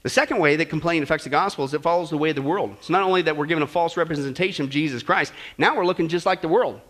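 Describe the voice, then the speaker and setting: A man preaching a sermon, moving between hushed, slow stretches and loud, emphatic passages. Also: fairly high pitch.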